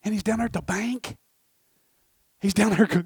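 A middle-aged man preaching a sermon, rambling and breaking off mid-thought, his voice swinging from hushed asides to shouts. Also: sits high, steady tone, normal speed, gravelly, breathy edge, dry recording, clean studio sound.

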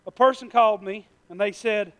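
A man preaching a sermon, emphatic and full of repeated phrases, moving from loud bursts to hushed asides. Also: sits high, fairly even intonation, normal speed, clear, resonant tone, dry recording.

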